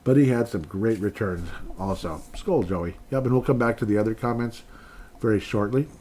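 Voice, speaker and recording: A man's voice: on the low side, normal speed, darkish tone, slight background noise. A man hosting a solo sports podcast, talking in a rambling, self-correcting way that turns emotional. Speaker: podcast host.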